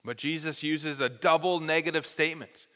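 A man preaches with a high, bright voice and teaches earnestly, stressing key words. His tone is smooth and clear. A long reverb trails each phrase, as in a large hall. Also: fairly even intonation, normal speed. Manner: earnest, explanatory teaching with careful emphasis. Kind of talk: expository sermon.

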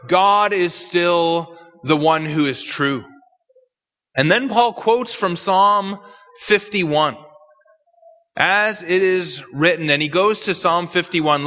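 A man preaching an expository sermon, emphatic and measured, with repetitions. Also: sits high, bright, forceful tone, big-room sound.

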